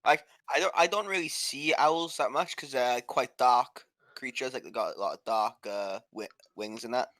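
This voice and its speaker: A man's voice: medium pitch, moderate pace, a bit bright, no room sound. A man co-hosting a casual podcast chat in a blunt, offhand way, with the odd swear. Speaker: co-host.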